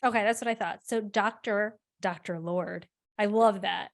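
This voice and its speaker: A woman co-hosting a podcast in casual chat, self-deprecating and quick to laugh. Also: medium pitch, vocal fry, a crowd in the background. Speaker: podcast co-host.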